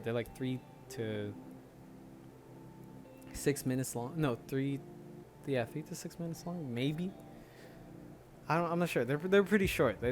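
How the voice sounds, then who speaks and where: A man's voice: mid-range voice, a little hiss or hum. A young man hosting a casual solo podcast, rambling with many restarts and fillers, a little out of breath. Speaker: podcast host.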